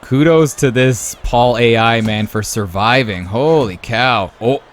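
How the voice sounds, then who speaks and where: Male channel host, casual and excitable play-by-play of a boxing video game, friendly bro-style banter. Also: medium pitch, a little slow, a little hiss or hum. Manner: excitable, jumps to loud exclamations at big moments; casual, says "man" and "brother". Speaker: YouTube sports host.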